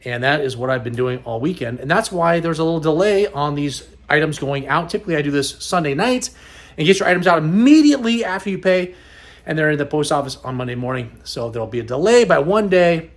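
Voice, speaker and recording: A middle-aged man talks through his vlog in a loose, rambling way with an upbeat lift. His voice sits high for a man. He sounds tired and a little worn. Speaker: host. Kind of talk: casual vlog chat.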